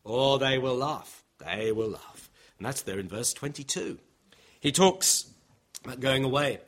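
In a mid-range voice at normal speed, a man preaches a sermon with animation. He acts out his listeners' objections in their voices and chuckles now and then.

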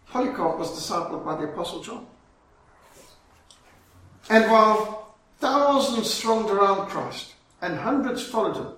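A man preaching a sermon, telling a story dramatically and slowing down for emphasis. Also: high voice, fairly bright tone. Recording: very echoey, from far off, faint ambience.

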